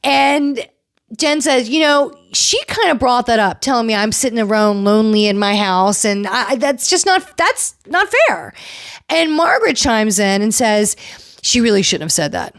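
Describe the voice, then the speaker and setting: A woman hosting a casual recap show, chatty and animated, acting out quotes from the people she talks about. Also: a little high, moderate pace, no echo, studio quality. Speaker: podcast host recapping reality TV.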